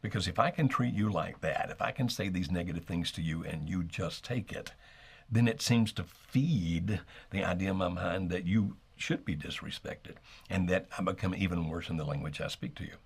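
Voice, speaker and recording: A middle-aged man co-hosting an advice talk, speaking in a measured, steady way and modeling calm phrasing. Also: sits low, gravelly, slightly rough. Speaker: co-host giving relationship advice.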